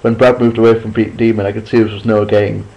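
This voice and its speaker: A man reading a chapter book aloud at a steady pace, sometimes restarting a line after a slip. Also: on the low side, fast talker, creaky, highs cut off. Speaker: reader. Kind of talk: amateur audiobook reading.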